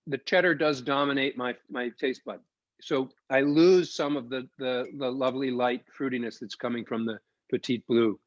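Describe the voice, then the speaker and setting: An eager, talkative man walks viewers through a wine tasting, explaining each sip as he goes. His voice sits at a middling pitch. It comes through a dull, dry video-call feed. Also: fairly even intonation, moderate pace, no room sound. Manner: enthusiastic, chatty, explains as he tastes. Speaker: winery co-founder presenting a tasting. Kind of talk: live online wine tasting presentation.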